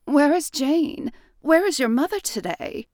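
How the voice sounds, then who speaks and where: A woman's voice: high-pitched, very animated, unhurried, darkish tone, no room sound, clean studio sound, pitched above the performer's own voice. A woman voicing a fussy, genteel society lady who speaks in an effusive, mannered way. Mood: solicitous.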